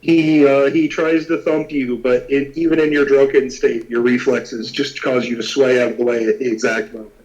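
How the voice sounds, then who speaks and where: A man running a tabletop game as game master, casual and quick to laugh. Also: medium pitch, fairly even intonation, a little mellow, muffled recording.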